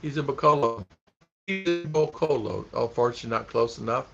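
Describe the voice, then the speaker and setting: Over music, a man hosts a casual livestream, reading viewers' comments and chatting back, rambling, repeating himself and laughing often. His mid-range voice runs a little fast with vocal fry, and the stream audio is dull and lo-fi.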